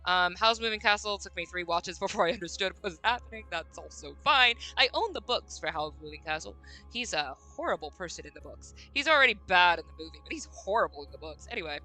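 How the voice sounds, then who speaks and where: A woman's voice: on the low side, lively intonation, fast talker, sharp tone, faint music behind. A woman game streamer chatting casually and bubbly with her viewers, often breaking into giggles.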